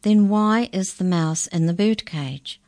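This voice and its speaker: A woman voicing a suspicious, officious giant white rat officer with a gravelly, demanding voice. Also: mid-range voice, measured pace, a little mellow, no room sound, voice pushed up, close to an everyday voice. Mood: stern. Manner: stern, demanding, incredulous.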